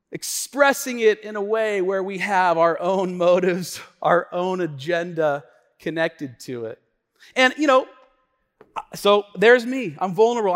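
A middle-aged man preaching a sermon as pastor, telling a story with lively, acted-out quotes in a church. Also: sits high. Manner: animated storytelling, acts out quotes. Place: church sanctuary. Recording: long hall reverb.

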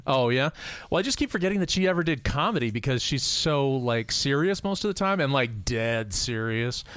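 A man's voice: mid-range voice, expressive, normal speed, fairly bright tone, clear, resonant tone, no echo. A man co-hosting a podcast, chatting casually about a movie, musing and trailing off with fillers as he thinks aloud. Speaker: podcast co-host. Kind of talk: casual movie review chat.

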